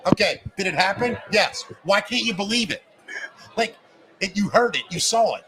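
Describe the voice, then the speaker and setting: A middle-aged man hosting a casual talk show, an animated storyteller who cusses freely and acts out the people he quotes. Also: high-pitched, normal speed. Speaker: podcast host. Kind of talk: casual chat. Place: live broadcast at a bar. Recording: noisy bar with crowd.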